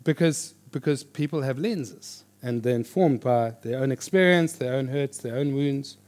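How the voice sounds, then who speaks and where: A man teaching a church class on reading the Bible, in a lively, joking conversational way. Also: mid-range voice, moderate pace. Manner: animated, jokey, with lively quoted voices. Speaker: pastor teaching a Bible course. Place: church hall before an audience.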